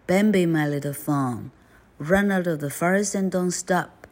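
A protective mother deer urges her young one to flee in commanding, urgent tones, read by a woman from a storybook. Her voice is dark and mellow, with a lowish pitch. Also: a little slow. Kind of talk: storybook reading.

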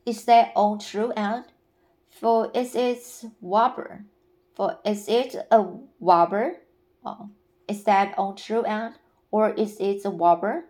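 A woman reading aloud and voicing a lively, curious little boy who asks questions insistently. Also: medium pitch, takes it slowly, lightly acted. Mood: eager.

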